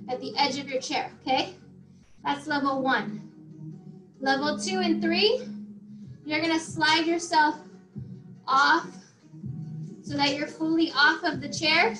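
Woman fitness instructor, out of breath, unhurried, echoey room, faint music behind. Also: high-pitched, bright, forceful tone. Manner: encouraging, counts down reps, talks while exercising. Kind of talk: live workout class instruction.

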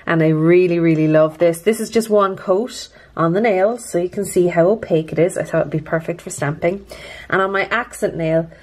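A woman's voice: mid-range voice, a little mellow. A woman chatting to camera close up about her nails, nervous but upbeat and self-deprecating. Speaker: nail art vlogger. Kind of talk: casual chat to camera.

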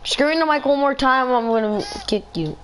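A woman's voice: high-pitched, lively intonation, a little fast, slight background noise. A woman hosting a game server, chatting casually over voice chat and sternly ordering other players around.

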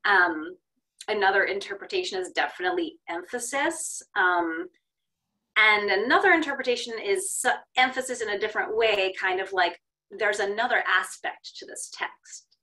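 A woman Torah scribe explaining interpretations in an online class, measured with some fillers. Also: mid-range voice, animated, pushed and bright, rough recording.

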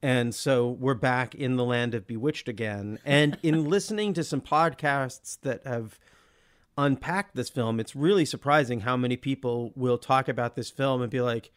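An enthusiastic man co-hosting a podcast in casual conversation. He laughs often and slips into animated mimicry of other people. His voice sits at a middle pitch. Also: moderate pace. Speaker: podcast co-host. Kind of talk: casual film discussion.

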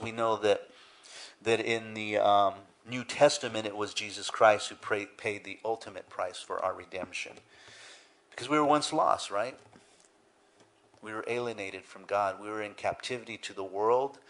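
A male pastor giving a sermon, chatty with "you know" and "right", swelling loud and high when retelling scenes and dropping soft for reflection.

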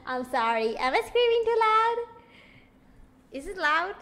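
A young woman streaming a horror game, talking loudly and excitably, swearing and sometimes screaming. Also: extremely high pitch, unhurried. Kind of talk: let's play commentary. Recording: game music behind her voice.

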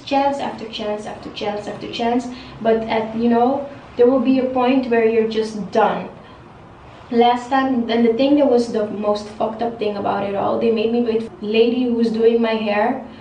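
A young woman with a slightly high voice rants to her viewers, frustrated, circling back over the same complaints and swearing freely. She sits a little back from the mic in a room with a noticeable echo and a faint background hum. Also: a little mellow, distant mic. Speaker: hair vlogger. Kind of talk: venting rant to camera. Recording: roomy echo, voice a bit off-mic.

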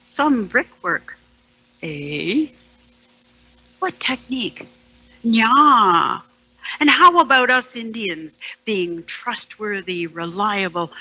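A woman performing a poem as a storyteller, sardonic and dropping into hushed whispered asides. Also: medium pitch, vocal fry, breathy edge, dull audio. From Canada, Ontario. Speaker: storyteller and poet. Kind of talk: dramatic poetry performance.

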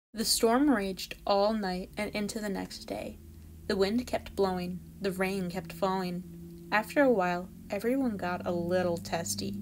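Woman, library storytime reader, expressive read-aloud, medium pitch.

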